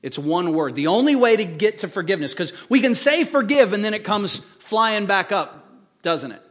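A male pastor with a fairly high voice delivering a sermon. He keeps it animated and conversational, tossing rhetorical questions out to the congregation as he goes. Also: normal speed.

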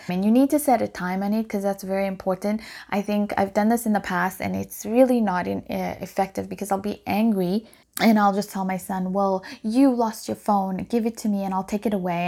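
Middle-aged lady podcaster, bit of vocal fry, calm earnest advice talk with lots of ums. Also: mid-range voice. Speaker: podcast host. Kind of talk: solo parenting advice podcast.

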